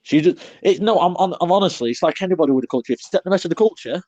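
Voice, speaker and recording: Blunt, lively British man chatting. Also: high-pitched, racing. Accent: British English. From Britain. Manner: blunt, rambling, animated, with British slang. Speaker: podcast co-host. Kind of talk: casual online podcast chat. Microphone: online call.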